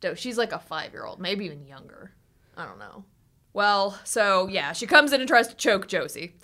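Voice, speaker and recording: Bright, chatty young woman podcaster. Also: medium pitch, very animated, normal speed. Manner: chatty, wry, swears casually. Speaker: podcast co-host. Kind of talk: casual book discussion and read-aloud.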